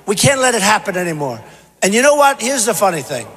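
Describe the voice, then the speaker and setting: A man's voice: sits high, big pitch swings, quick pace, a bit bright, slightly rough. Man, political candidate, rally speech, boastful, repetitive, long echo of a big hall. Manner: boastful, repetitive, punchy delivery. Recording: reverberant hall, faint background noise.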